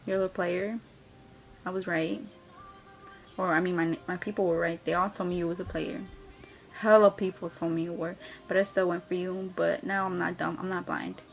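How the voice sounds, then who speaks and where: A woman's voice: on the low side, flat delivery, moderate pace, creaky, faint music behind, rough recording. A young woman telling a blunt, profane, slang-heavy story of being played by a boyfriend. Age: young adult. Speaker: vlogger. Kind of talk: casual storytelling rant.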